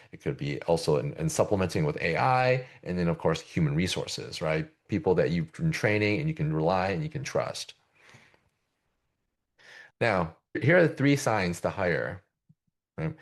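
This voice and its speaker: A man with a very deep voice coaching agency owners. He talks in a loose, conversational way and keeps checking in with "right?" as he explains. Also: lively intonation, normal speed. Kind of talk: presenting a business coaching session.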